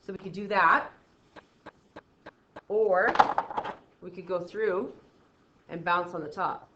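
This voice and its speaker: This recorded math lesson is very noisy, with a slightly dull, roomy sound. The woman teacher speaks slowly in a fairly low, steady voice, chatting as she explains, asking "okay?" frequently, and acting out how students respond.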